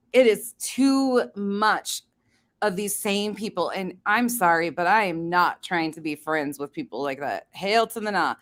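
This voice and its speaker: A fairly low-pitched woman with a fairly bright tone hosts a relaxed livestream chat. Her talk is blunt and full of profanity, and she laughs often as she addresses her chat.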